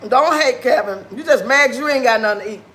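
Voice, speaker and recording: High, bright-voiced sassy man livestreaming. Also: fairly quick. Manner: sassy, blunt trash talk to chat viewers; talks with food in his mouth. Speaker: livestream host. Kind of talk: casual livestream chat while eating.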